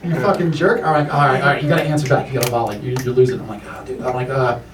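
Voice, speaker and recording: A man's voice: medium pitch, rapid-fire. Profane stand-up man in a roomy club. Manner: loose, profane, laughs through his lines. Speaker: stand-up comedian. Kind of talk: stand-up set with crowd work. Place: comedy club stage with an audience. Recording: roomy club recording from far off with crowd.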